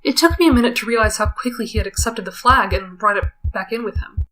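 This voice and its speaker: A woman's voice: fairly high pitch, fast talker, pushed and bright, slight background noise. A woman reading a visual novel aloud and breaking off for wry, self-conscious comments. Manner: wry, self-conscious asides between read lines. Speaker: let's player.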